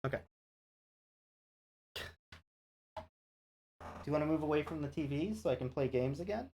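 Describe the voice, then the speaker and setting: A man's voice: fairly high pitch, animated, fairly quick, mellow, a little hiss or hum. A man streaming a video game, chatting casually with his viewers, swearing and laughing, and cooing at his cat. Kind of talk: casual gameplay commentary.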